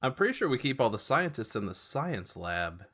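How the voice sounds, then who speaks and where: Deadpan man player, bright voice. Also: medium pitch, normal speed. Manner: deadpan jokes.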